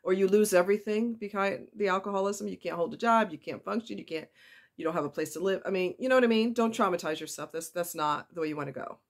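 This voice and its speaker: A woman speaks to her viewers in a mid-pitched voice. She talks in a chatty, confiding way, heartfelt and plain, and drifts into easy asides as if she were talking to a friend. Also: fast. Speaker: vlogger. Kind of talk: casual heartfelt talk to viewers.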